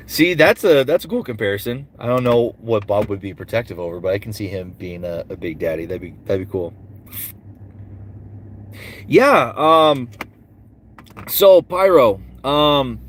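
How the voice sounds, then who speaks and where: A man who is a voice actor and streamer, answering chat comments aloud in a relaxed livestream Q&A full of fillers. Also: mid-range voice, measured pace, long pauses, a little hiss or hum.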